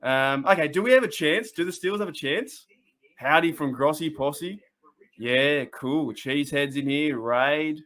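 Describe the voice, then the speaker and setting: An Australian man chatting away on a live stream, his voice sitting a touch higher than most men's. He rambles and restarts often, breaking into laughs as he tries to keep up with the chat, all in a loose, excitable way. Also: moderate pace, few pauses. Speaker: host of a fan livestream.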